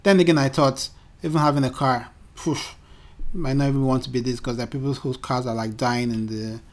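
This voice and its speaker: A man co-hosting a casual podcast, his voice sitting at an ordinary mid pitch. He thinks out loud as he talks, restarting his sentences and feeling his way toward the point. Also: fairly even intonation, a little fast. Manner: hesitant, restarts, thinks aloud. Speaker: podcast co-host. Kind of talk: casual chat.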